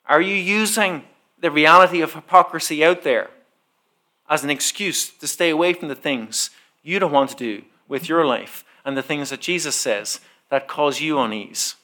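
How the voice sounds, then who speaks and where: A man's voice: on the high side, moderate pace. A man preaching a sermon, telling a personal story and acting out the dialogue as he goes. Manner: animated storyteller who acts out the dialogue.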